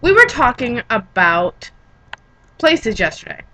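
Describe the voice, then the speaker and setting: A woman's voice: a little high, big pitch swings, slow, noisy background. A young woman from Pennsylvania telling casual work stories in a chatty, rambling vlog, often correcting herself. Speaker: vlogger.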